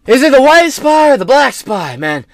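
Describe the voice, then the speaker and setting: A man voicing a confused old male politician who rambles loudly in a raised voice. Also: very high-pitched, sing-song, normal speed, dry recording, voice pushed up, exaggerated voice. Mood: rambling. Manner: loud, rambling and befuddled.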